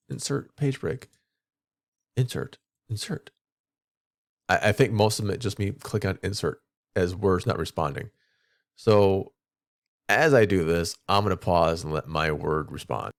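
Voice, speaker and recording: A male teacher reads a story aloud with expression, then talks casually and rambles as he writes. His voice is gravelly and lively in pitch, recorded dry and close. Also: no room sound. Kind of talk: reading a story aloud, then class talk.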